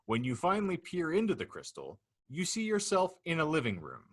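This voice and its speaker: Lively man reading a playful scenario. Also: on the high side, fairly quick. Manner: playful, mock-grandiose phrasing. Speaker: podcast co-host. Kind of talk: reading a hypothetical scenario aloud.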